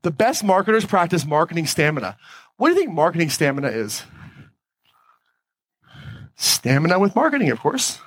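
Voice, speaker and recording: A man's voice: fairly high pitch, sing-song, moderate pace, long pauses. A man giving a motivational talk on stage, emphatic, repeating key phrases and asking the audience questions. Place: stage before a live audience.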